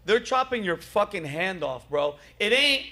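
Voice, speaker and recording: A man's voice: high-pitched, sing-song, a little slow, sharp tone. A man hosting a comedy podcast, talking bluntly and emphatically in casual heated chat, swearing freely.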